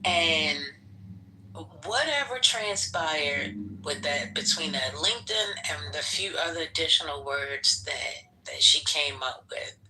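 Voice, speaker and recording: A woman with a lowish voice tells a story in a casual panel chat. She is animated and her pitch moves a lot. Her tone is very bright. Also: low-quality recording.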